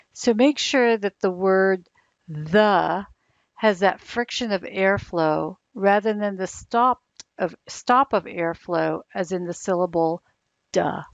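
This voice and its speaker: A woman explaining English pronunciation slowly and deliberately, like a coach. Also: medium pitch, creaky, no echo. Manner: slow, deliberate, instructive. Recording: dull, lo-fi sound.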